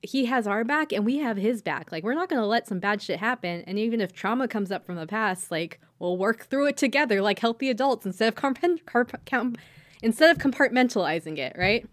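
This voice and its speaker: A woman's voice: fairly high pitch, expressive, a little fast, no echo, studio quality, voice pushed up, close to an everyday voice. A woman voicing an earnest, loyal young male roommate who speaks reassuringly during a podcast recap.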